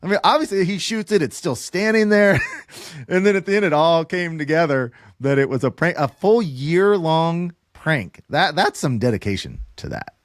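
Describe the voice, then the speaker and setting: A man's voice: fairly high pitch, expressive, normal speed, no echo, studio quality. A man hosting a hunting podcast, talking earnestly with his guest and speaking directly to his listeners. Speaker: podcast host. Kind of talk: casual podcast interview.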